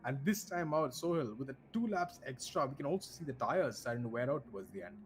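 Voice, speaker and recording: A medium-pitched, animated man from India commentates an online racing event live, talking fast amid slight background noise. His delivery is chatty and easygoing with laughs, and he keeps restarting his sentences.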